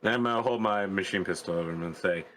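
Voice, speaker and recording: A man's voice: deep voice, fast talker, a bit bright, slight background noise, low-quality recording. A man with an Irish accent, a player casually explaining his moves in a tabletop game.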